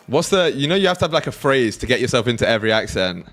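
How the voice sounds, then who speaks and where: A young British man chats casually with his livestream audience while trading, cracking jokes and swearing freely. His voice sits at an ordinary pitch for a man. Faint music plays underneath. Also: very animated, fast talker, fairly bright tone. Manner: banters with chat, swears freely, laughs often. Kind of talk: casual livestream chat with viewers.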